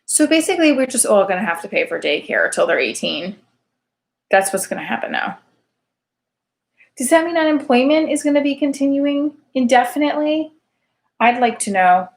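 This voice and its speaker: A woman's voice: sits high, expressive, moderate pace, creaky. A woman in her thirties hosting a casual late-night livestream show, chatty and self-deprecating and sounding tired. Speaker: show host.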